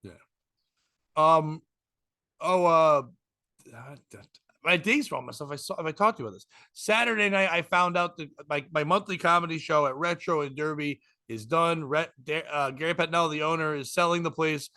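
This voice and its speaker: A man's voice: on the high side, moderate pace, sharp tone, clear, resonant tone, no echo, studio quality. A man, a stand-up comic hosting a podcast, rambling through a story with profanity and acted-out quotes. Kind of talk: casual storytelling chat.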